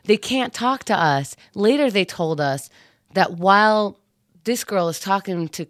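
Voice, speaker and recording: A woman's voice: medium pitch, unhurried, no echo, clean studio sound. A woman telling a wild night-out story in casual chat, swearing freely and acting out what people said. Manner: animated, profane, acts out quotes.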